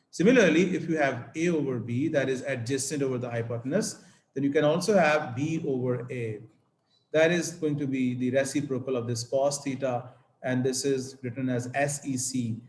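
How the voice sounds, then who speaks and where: Slow, deliberate male maths teacher. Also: mid-range voice, echoey room. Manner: slow, deliberate explanation with frequent "okay?" checks. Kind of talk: whiteboard maths lesson.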